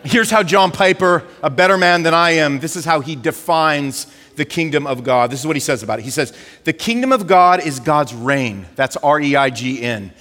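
A male pastor, giving a conversational, animated sermon and leaning on filler words. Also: a little high, normal speed, hardly any pauses, big-room sound.

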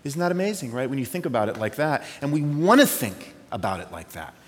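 Animated pastor preaching in a reverberant hall. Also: male voice, mid-range voice, a little fast, slight background noise. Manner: conversational, swings from hushed reflection to excited storytelling. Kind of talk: sermon. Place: church sanctuary.

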